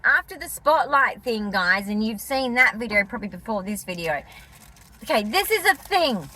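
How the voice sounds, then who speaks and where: A woman's voice: fairly high pitch, very animated, normal speed, sharp tone. An older woman with an Australian accent, chatting emphatically and animatedly as a vlogger. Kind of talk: casual chat.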